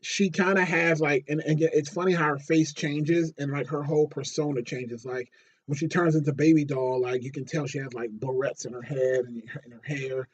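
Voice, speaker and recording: A husky-voiced man talks through a TV episode in a loose, rambling way, full of fillers and false starts. He is recorded on a slightly dull, lo-fi mic. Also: a little high, normal speed. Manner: rambling, many fillers and restarts, gets excited and loud retelling scenes. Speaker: TV show reviewer. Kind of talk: casual spoken episode review.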